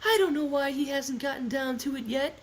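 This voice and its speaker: A man putting on a falsetto voice as a gushing, lovestruck young woman. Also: fairly even intonation, brisk, slight background noise. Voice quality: high falsetto.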